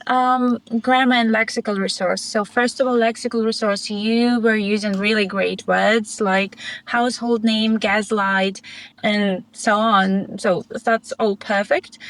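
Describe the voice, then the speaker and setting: A woman's voice: medium pitch, fairly even intonation, unhurried. A woman acting as a speaking examiner, giving mock-test feedback in an encouraging way with frequent light laughs.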